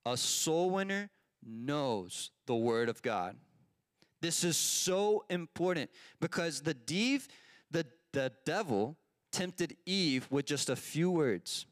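A man's voice: fairly high pitch, expressive, slow pace, no room sound, clean studio sound. A man teaching a casual Bible lesson, asking his group questions and telling a personal story with many fillers.

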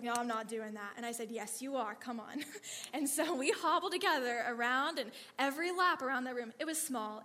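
A woman telling animated ministry stories to a church audience, laughing often and acting out the lines of the people in her stories. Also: sits high, slight background noise. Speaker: speaker sharing ministry stories. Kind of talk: testimony storytelling to a church audience. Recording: long reverb of a hall.

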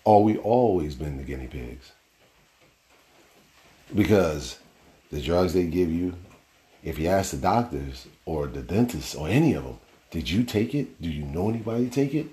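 A man's voice: fairly low pitch, dark tone, roomy sound. A man hosting a casual solo podcast, telling stories in a loose, rambling way with slang and the odd curse. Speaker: podcast host.

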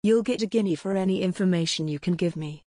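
Woman reading as a blunt menacing male inspector, lowish husky voice, dry read. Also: fast, dark tone, dry recording, close to an everyday voice. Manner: blunt, threatening. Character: gruff rough-born male police inspector.

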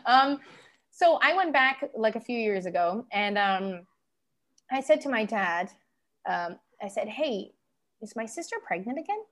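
Animated storytelling woman, higher voice. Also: a little slow. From Canada. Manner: animated, acts out quoted people in higher voices, laughs often. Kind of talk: casual storytelling chat.

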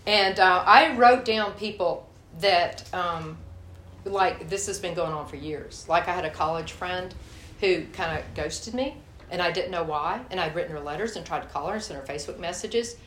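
A woman giving a sermon and telling personal stories in a lively way, acting out her own anger. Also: lowish voice, moderate pace, slight background noise. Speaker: guest speaker. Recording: echoey room.

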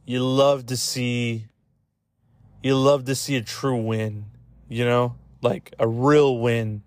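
A man's voice: medium pitch, dry recording. Sweary, rambling man on a podcast. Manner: rambling and sweary, with many fillers. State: choked up, close to tears. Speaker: podcast host. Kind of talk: casual podcast chat.

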